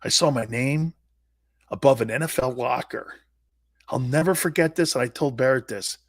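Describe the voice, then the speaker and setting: A man's voice: medium pitch, normal speed, dry recording, clean studio sound. A man in his fifties, a sports talk host and former pro player, telling personal stories in a blunt, emphatic way with salty slang. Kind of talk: animated personal storytelling.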